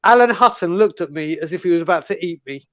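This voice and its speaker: Lively high-voiced London bloke. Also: male voice, quick pace, no room sound. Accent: London English. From North London, England. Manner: lively, laughing anecdote teller. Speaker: co-host on a fan call-in show. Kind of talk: casual storytelling chat.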